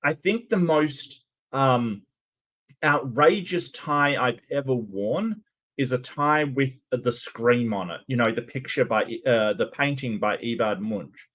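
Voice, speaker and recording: A man's voice: mid-range voice, slow, fairly bright tone. A man hosting a reaction video, giving sarcastic, rambling commentary. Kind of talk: casual commentary.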